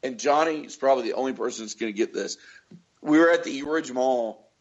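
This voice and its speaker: A man from Florida in a casual podcast chat, telling stories and loudly acting out quotes. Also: medium pitch, fast talker, muffled recording. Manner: swearing storyteller, acts out quotes loudly. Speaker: podcast co-host.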